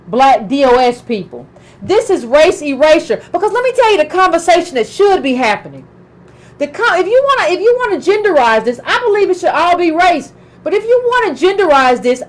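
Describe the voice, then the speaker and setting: Speaking in a high register, this middle-aged woman offers forceful political commentary, circling back to the same points and posing sharp questions. The audio quality is low.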